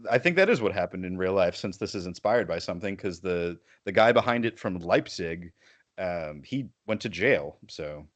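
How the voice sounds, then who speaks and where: A man's voice: deep voice, animated, normal speed, fairly bright tone. A man hosting a podcast, talking in a casual, rambling way with frequent restarts. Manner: rambling, self-correcting. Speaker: podcast host. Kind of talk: casual chat.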